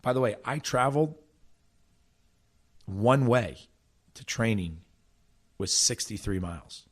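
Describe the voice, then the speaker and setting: A middle-aged man from South Jersey, a former player and coach, is an interview guest recounting stories from his playing days in conversation. He is an animated storyteller who restarts and repeats words a lot, speaking slowly in a mid-range voice.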